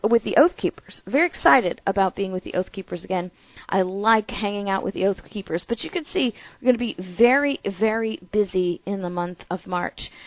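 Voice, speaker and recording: Chatty, energetic female talk host, Midwestern American accent, dry and slightly muffled recording. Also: mid-range voice, no echo. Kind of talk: political talk show monologue.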